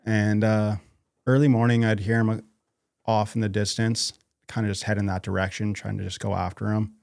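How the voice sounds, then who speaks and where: A man from North Idaho, a podcast guest talking casually in a halting way, with many fillers and restarts. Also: lowish voice, little pitch movement, creaky, a little mellow, dry recording, studio quality. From North Idaho, USA. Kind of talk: casual interview conversation.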